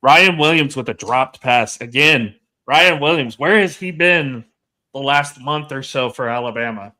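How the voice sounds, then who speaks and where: A man co-hosting a watch-along, giving steady casual play-by-play of a football game. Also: medium pitch, a little slow. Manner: steady play-by-play, agrees with short acknowledgements.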